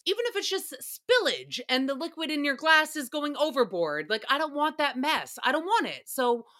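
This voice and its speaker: Woman host, casual recap, sarcastic, laughs a lot, bright tone, slightly high voice. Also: very animated, normal speed. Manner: chatty, sarcastic, laughs often, swears freely. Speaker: podcast host.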